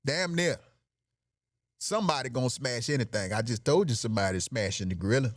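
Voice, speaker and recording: A man's voice: mid-range voice, animated, a little fast, no echo. Brash man joking in a dry room. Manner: brash, joking, laughs at his own bits. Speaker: podcast host. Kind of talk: casual comedic monologue.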